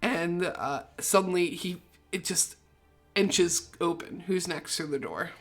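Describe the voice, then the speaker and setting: A woman's voice: lowish voice, slow, soft background music. A woman narrating a tabletop role-playing game as game master.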